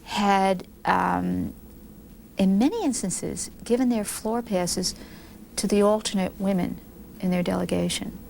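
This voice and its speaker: A woman in her fifties from the United States, candidly recalling events in an interview, animated, with frequent restarts. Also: mid-range voice, unhurried, creaky, a little hiss or hum. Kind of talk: reflective interview recollection.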